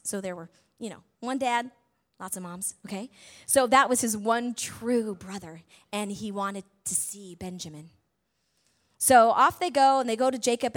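A woman with a slightly high voice preaches a sermon, retelling a story conversationally with many tag questions and dramatic shifts between loud and soft.

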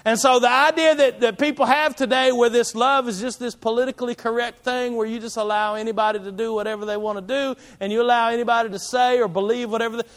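A pastor delivers a sermon in a notably high male voice. His preaching is conversational yet emphatic, full of asides to the congregation. The sound carries the long reverb of a large church hall. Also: fairly even intonation, fast talker, hardly any pauses, a bit bright.

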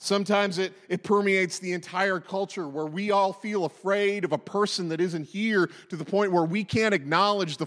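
A man's voice: sits high, fairly bright tone, big-room sound. A man in his forties preaching a sermon, impassioned and emphatic, hammering repeated phrases. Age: 40s. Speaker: pastor.

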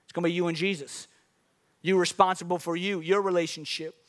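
A man's voice: sits high, fairly even intonation, fairly quick. A man preaching a sermon, exhorting his listeners with repeated phrases and calls to the audience. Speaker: pastor.

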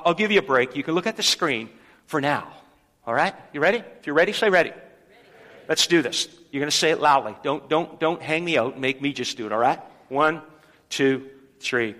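Bright-voiced pastor in a reverberant hall. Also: male voice, a little high. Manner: leads the congregation in loud call-and-response. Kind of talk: sermon. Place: church sanctuary.

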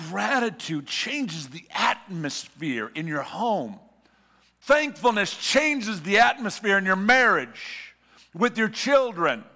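A man preaching a sermon as a pastor, swinging from loud urging to hushed whispers and repeating words as he builds. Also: high voice, long reverb tail.

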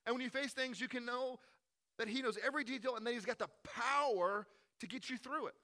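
Male pastor, high bright voice, casual sermon that swings between quick loud asides and quiet slow stretches.

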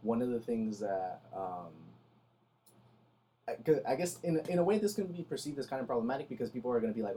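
Young man, podcast co-host, casual chat, forced loudness, animated, mid pitch, faint background hiss. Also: fairly quick. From Salvadoran family in the United States. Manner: pushing himself to talk louder than usual, animated storytelling. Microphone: close podcast mic.

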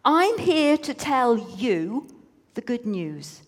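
A woman's voice: on the high side, very animated, takes it slowly, pitched above the performer's own voice, heavily acted. A woman reading the lines of a male angel who is earnest and a little pleading, in a room with a long reverb. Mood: eager.

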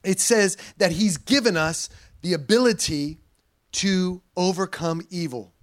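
High-voiced animated male preacher. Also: unhurried. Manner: animated, conversational preaching with slang asides. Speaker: pastor. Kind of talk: sermon.

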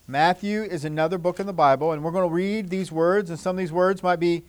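Male pastor, fairly high voice, children's sermon, gentle and repetitive, sometimes loud, sometimes hushed. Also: steady tone, fairly quick, smooth.

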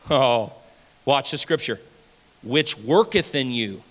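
A man preaching a sermon as pastor, emphatic and repetitive, swinging between loud declarations and hushed asides. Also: medium pitch, expressive, slow. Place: church sanctuary. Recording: long church-hall reverb.

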